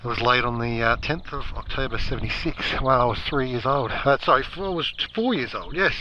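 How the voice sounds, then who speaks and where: A man's voice: mid-range voice, a little fast, dull audio, noisy background. A middle-aged man with an Australian accent, chatting to himself casually outdoors on a countryside motorbike ride. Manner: chatty, muttering to himself, mild swearing. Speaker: motorcycle vlogger. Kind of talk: casual self-talk vlog.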